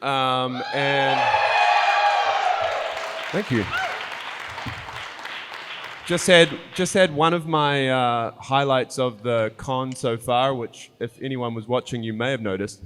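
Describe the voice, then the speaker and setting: Brief: male panel guest, animated storyteller, live hall with noise behind. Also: mid-range voice, slow pace, pauses often, some chatter behind. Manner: animated anecdote, acts out quotes. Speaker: panel guest, former actor. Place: convention hall stage. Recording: reverberant hall with background noise.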